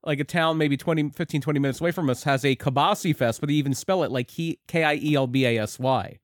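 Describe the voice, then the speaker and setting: An easygoing man chats and jokes in a relaxed podcast conversation. His voice sits a little high. The recording is dry and close. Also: fast talker, no room sound. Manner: easygoing, joking, chatty. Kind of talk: casual chat.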